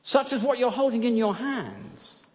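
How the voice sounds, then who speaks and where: A man's voice: extremely high pitch, expressive, unhurried, a little mellow, big-room sound, voice pushed up. Corrie, a dismayed woman prisoner, as a man reads her lines. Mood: reluctant. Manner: anxious, wailing, reluctant. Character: Corrie, a frightened, protesting adult woman prisoner.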